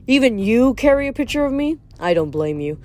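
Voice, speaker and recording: A woman reading aloud, voicing a vain, self-adoring young man in a slow, languid drawl. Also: fairly high pitch, big pitch swings, a little mellow, faint music behind, voice pushed up. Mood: dreamy, self-adoring.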